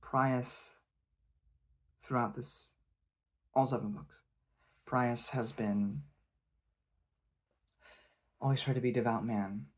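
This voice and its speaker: A man's voice: mid-range voice, steady tone, slow, long pauses, breathy edge. A man giving a rambling, hesitant spoken review of a fantasy novel. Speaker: book reviewer.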